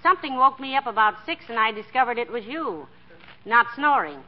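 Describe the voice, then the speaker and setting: A woman's voice: on the high side, animated, a little fast. An actress playing a dry, teasing wife who deflates her husband's boasts with sly put-downs in a 1940s radio sitcom. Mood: wry. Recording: dull lo-fi 1940s radio broadcast with faint hiss.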